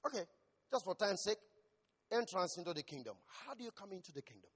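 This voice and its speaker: Pastor, male, preaching voice with shouted peaks, high register, long hall echo. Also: sing-song, a little fast, breathy edge. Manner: asks the congregation questions. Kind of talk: sermon.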